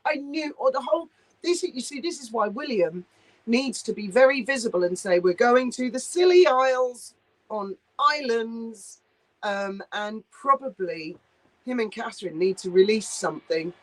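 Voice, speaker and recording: Woman, live-chat host, blunt and sweary, middle pitch. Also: expressive, a little slow, poor audio. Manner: chatty, blunt and sweary, reads comments aloud. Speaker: livestream host reading viewer comments.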